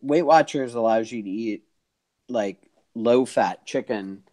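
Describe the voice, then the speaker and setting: A man's voice: medium pitch, measured pace, darkish tone. A man co-hosting a casual podcast chat, talking freely and laughing often. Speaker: podcast co-host.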